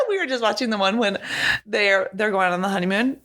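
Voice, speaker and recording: A woman talks as a podcast guest in an easygoing, casual way. She laughs a lot and swears offhandedly. Her pitch sits in an ordinary middle range. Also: brisk, a bit bright. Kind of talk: casual chat.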